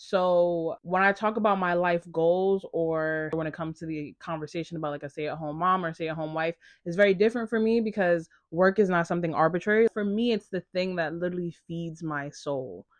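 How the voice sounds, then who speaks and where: A young woman and content creator talking in a casual confessional vlog, animated and chatty, full of "like.". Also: lowish voice, a little fast, hardly any pauses, no echo. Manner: chatty, animated storytelling with lots of "like".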